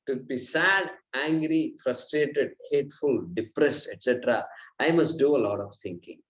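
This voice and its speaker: A man's voice: mid-range voice, poor audio. A man teaching a Vedanta class in a conversational lecture style, often repeating himself and asking rhetorical questions.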